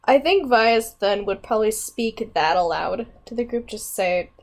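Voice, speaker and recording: Woman player, soft and slow, a little high. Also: lively intonation. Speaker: tabletop game player. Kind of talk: casual game narration.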